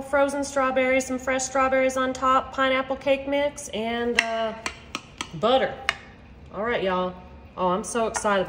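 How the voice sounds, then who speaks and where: A woman's voice: high-pitched, a little hiss or hum. A woman hosting a casual home cooking vlog, chatty and folksy with lots of fillers. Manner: folksy, says "y'all" often, chatty with many fillers. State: tearful, close to crying. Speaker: cooking vlogger. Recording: echoey room with long reverb.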